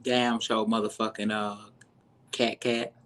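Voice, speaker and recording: A commentator ranting about a reality show, heated and sarcastic, dropping from low mutters to sudden high exclaims. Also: level tone, a little slow. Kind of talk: profane commentary rant.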